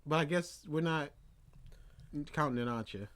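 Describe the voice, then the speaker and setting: A man co-hosting a casual commentary chat, loud and excitable, often mocking characters with put-on voices. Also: on the high side, normal speed, slight background noise. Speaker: co-host.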